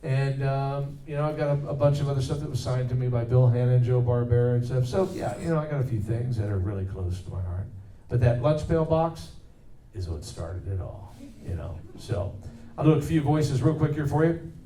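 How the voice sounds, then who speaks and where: A man's voice: medium pitch, fairly quick, warm tone. A middle-aged man who works as a voice actor, telling loose, rambling anecdotes at a convention Q&A. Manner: loose, rambling, with many fillers. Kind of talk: anecdotal storytelling. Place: convention hall. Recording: echoey hall from far off, faint noise.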